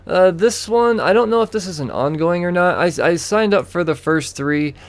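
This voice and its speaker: A man's voice: high-pitched, expressive, normal speed. A man hosting a casual solo podcast, rambling and chatty, repeating himself and breaking off into asides. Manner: rambling, chatty, self-interrupting with fillers and repeats. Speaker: podcast host. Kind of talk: casual solo comic book chat.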